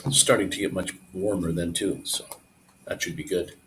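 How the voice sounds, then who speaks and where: A man's voice: low voice, normal speed, slight background noise, poor audio. A man live streaming, chatting casually and rambling to his viewers. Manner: rambling, relaxed, talks to viewers.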